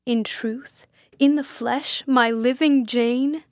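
A woman voicing a blind, commanding and desperate gentleman in an audiobook, speaking with impassioned, imperious urgency. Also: on the high side, steady tone, unhurried, dry recording, studio quality, close to an everyday voice. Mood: overwhelmed. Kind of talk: audiobook character reading.

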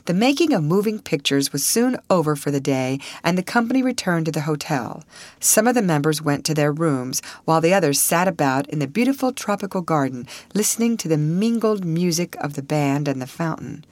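A woman narrating an audiobook in a steady, expressive storytelling manner. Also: deep voice, a little fast, no room sound. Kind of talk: scripted narration.

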